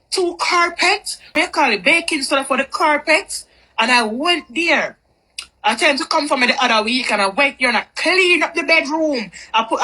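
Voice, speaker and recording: A woman's voice: sits high, bright, forceful tone, rough recording. A woman telling a personal story in a candid, rambling, chatty way. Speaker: vlogger. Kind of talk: storytime monologue.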